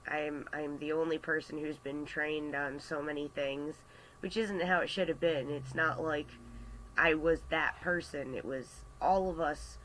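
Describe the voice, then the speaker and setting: Bright-voiced man telling a story. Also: fairly high pitch, a little slow, a little hiss or hum, rough recording. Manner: animated, chatty retelling with many fillers. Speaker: artist vlogger. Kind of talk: casual storytelling vlog. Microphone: webcam or computer mic.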